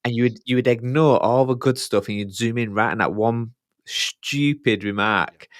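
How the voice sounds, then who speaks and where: A man's voice: medium pitch, moderate pace, no room sound, studio quality. A man hosting a podcast, asking curious questions in a hesitant, restarting way. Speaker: podcast host. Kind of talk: conversational podcast interview.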